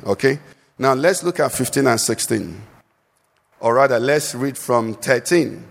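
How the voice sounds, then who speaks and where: Gravelly preacher with call-and-response. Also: male voice, mid-range voice, animated, normal speed. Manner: call-and-response questions to the congregation, sing-song rises. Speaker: pastor. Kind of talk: live church sermon. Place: church service. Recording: long church-hall reverb.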